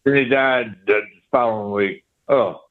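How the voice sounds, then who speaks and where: Over a tinny phone line, an older man appearing as a guest guitarist tells rambling stories in a casual interview and scats riffs out loud. His voice is mid-range and his pace measured.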